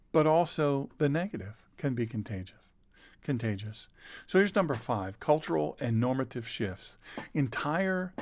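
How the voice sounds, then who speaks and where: Older male pastor-host, middle pitch, earnest and conversational, repeats for emphasis, dry close mic. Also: no echo. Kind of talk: conversational sermon.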